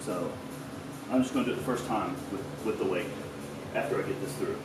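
Here a man with a lowish voice moves briskly through his stretches, chatting loosely, cursing at times and a little winded. He's a fitness vlogger giving casual instruction. Music plays in the background, and the distant mic picks up an echoey room.

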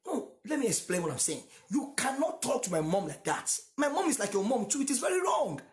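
A man's voice: extremely high pitch, huge pitch swings, brisk, reverberant. A Nigerian-accented man whose first language is Yoruba, preaching a sermon emphatically and repeating lines for stress. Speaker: pastor.

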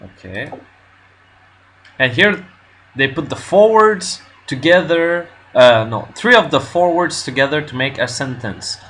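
Slow, bright-voiced nervous man learner. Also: a little high, expressive, slight background noise. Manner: nervous, self-doubting, halting with fillers. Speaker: language learner vlogger. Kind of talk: casual self-recorded lesson commentary.

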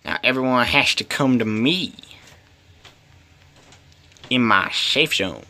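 A man's voice: a little high, animated, slow, pauses often, pushed and bright. A man giving solo gameplay commentary, talking to himself in a pleading, playful way. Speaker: gamer.

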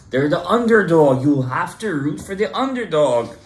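Man, animated Torah class, lively pitch swings, roomy echo, loud-soft emphasis. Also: normal speed, few pauses. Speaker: rabbi giving a Torah class. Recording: echoey room.

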